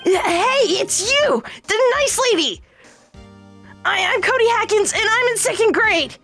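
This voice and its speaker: A cheeky second-grade boy in a courtroom game, high and bouncing all over the place, voiced by a woman in a fan dub. He talks brashly and excitably, full of himself. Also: measured pace, soft background music, full character voice. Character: cocky young schoolboy witness.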